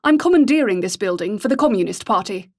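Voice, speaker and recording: A woman's voice: medium pitch, expressive, fast talker, a little mellow. A woman reading the part of a cold, ruthless male gang leader with a clipped, educated English accent and a curt, menacing way of speaking. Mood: commanding.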